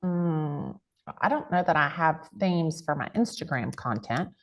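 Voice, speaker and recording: A woman with a thick American country accent speaks in a low, full voice. She talks emphatically, dropping folksy catchphrases as she gives advice in an interview. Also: lively intonation, measured pace. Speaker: real estate agent and guest speaker. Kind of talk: motivational interview talk.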